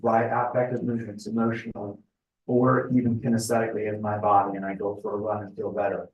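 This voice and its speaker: A middle-aged man speaking at a spiritual retreat in a conversational, thoughtful way, often pausing with fillers. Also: lowish voice, level tone, dull audio. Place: retreat house meeting room. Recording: echoey room, voice picked up from a distance.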